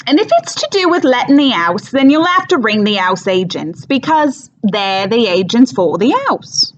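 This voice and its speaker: A woman playing a fussy, flustered comic housekeeper in a stage comedy monologue, with a thick, overdone Cockney accent and chatty, loud delivery. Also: a little high, big pitch swings, normal speed, dull audio, pitched above the performer's own voice. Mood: flustered chatter.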